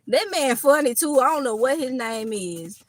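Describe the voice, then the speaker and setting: A woman's voice: high voice, lively intonation, a little slow, slight background noise. A woman with a Southern accent that mixes Kentucky and Florida, giving a casual tarot reading and chatting with lots of laughter and swearing. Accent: Southern US, Kentucky mixed with Florida. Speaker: tarot reader.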